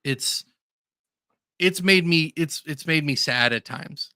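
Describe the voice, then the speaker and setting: Bright-voiced earnest podcast man. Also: fairly high pitch, slow, no room sound, clean studio sound. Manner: earnest, openly emotional, hesitant with "um"s. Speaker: podcast co-host. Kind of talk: casual chat.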